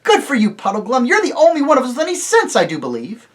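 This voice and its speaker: A man voicing a plucky schoolboy who speaks loudly and heartily. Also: extremely high pitch, wildly swooping pitch, fast, voice pushed up, full character voice. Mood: hearty.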